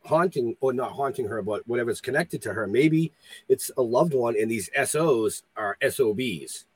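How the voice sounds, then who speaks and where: Husky podcast host guy, chill short replies, dry sound. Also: medium pitch, expressive, moderate pace, dry recording, rough recording. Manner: easygoing, brief agreeing replies. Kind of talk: casual chat.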